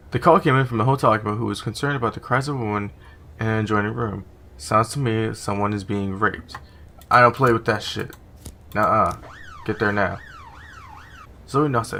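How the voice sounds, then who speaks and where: A man's voice: lowish voice, creaky, pushed and bright, a little hiss or hum. A man casually commenting on a video game, reading its text aloud and adding profane, sarcastic remarks. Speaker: gaming YouTuber.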